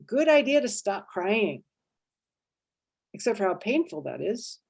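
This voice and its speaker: A woman therapist leading an interactive workshop, lively and expressive, acting out inner voices and checking in with her listeners. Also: medium pitch, measured pace, creaky, pauses often. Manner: animated, acts out inner voices and checks in with "right?".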